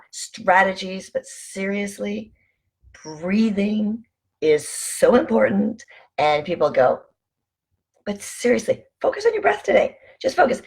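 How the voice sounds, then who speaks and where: A woman vlogger giving casual motivational talk, calmly encouraging listeners to breathe and slow down. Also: fairly low pitch. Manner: calm, encouraging, coaching listeners through breathing. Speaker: wellness vlogger.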